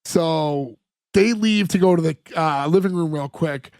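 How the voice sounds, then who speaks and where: A man's voice: a little high, measured pace, vocal fry, darkish tone, dry recording, clean studio sound. A man co-hosting a podcast in casual chat, retelling scenes at length with lots of "like" fillers. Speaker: podcast co-host recapping a sitcom episode.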